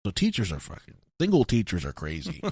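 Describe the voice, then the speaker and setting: A young man tells breakup stories on a podcast, his pitch swooping up and down as he gets worked up. He swears freely and shouts out the lines he acts. The sound is dry and close to the mic. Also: fairly quick, husky, no echo. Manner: animated storyteller, swears a lot, shouts when acting out scenes. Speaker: podcast co-host. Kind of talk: casual podcast chat, reading and telling stories.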